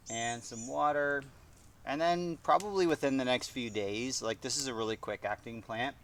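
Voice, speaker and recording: A man casually chatting through a gardening how-to in his garden, relaxed and chatty with frequent ums. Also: medium pitch. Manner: relaxed, chatty, laughs easily, many ums. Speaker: gardening vlogger. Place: outdoor garden in the morning.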